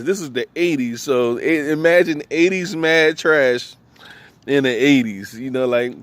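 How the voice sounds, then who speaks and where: A man's voice: medium pitch, fairly bright tone. A man from New Orleans with a New Orleans accent, telling loose, slangy comic stories and laughing between lines. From New Orleans, USA. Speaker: comedian. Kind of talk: stand-up storytelling.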